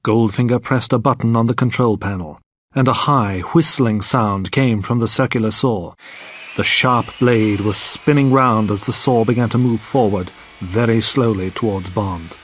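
A man narrating a graded storybook for English learners in a steady, clear reading. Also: lowish voice, moderate pace.

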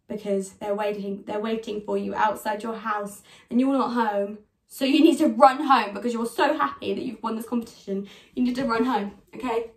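Young woman, British accent, bright higher voice, cheery children's drama teacher, echoey room, mic a bit far off. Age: 20s. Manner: upbeat, encouraging, talks straight to children. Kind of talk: online kids' drama class.

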